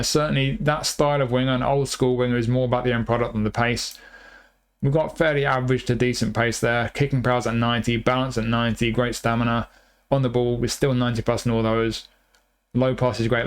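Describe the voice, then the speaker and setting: A man casually talking through a video game review, thinking aloud as he goes. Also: medium pitch. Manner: thinking aloud, chatty with restarts. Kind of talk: casual gameplay commentary.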